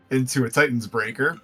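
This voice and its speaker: A man's voice: medium pitch, measured pace, a bit bright, husky, faint music behind. A man playing in a tabletop game, chatting casually and chuckling as he talks through his turn. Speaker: player.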